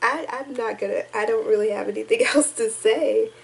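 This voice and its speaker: A young woman reacting casually to a music video at home, chatty, excitable and openly emotional, rambling as she thinks aloud. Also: a little high, moderate pace, gravelly. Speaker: YouTube reaction vlogger.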